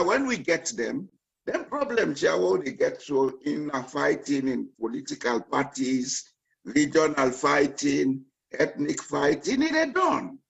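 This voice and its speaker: A man's voice: on the high side, gravelly, a bit bright, husky, muffled recording. A man with a Sierra Leonean Krio accent giving emphatic political commentary as a panel guest, repeating his key words like a preacher. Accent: Sierra Leonean Krio-tinged.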